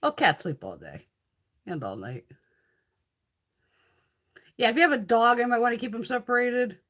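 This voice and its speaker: A woman's voice: on the high side, big pitch swings, normal speed, fairly bright tone. A woman hosting a casual livestream, chatting with viewers in a loose, profane way. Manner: chatty, profane, reads and answers viewer comments. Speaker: livestream host.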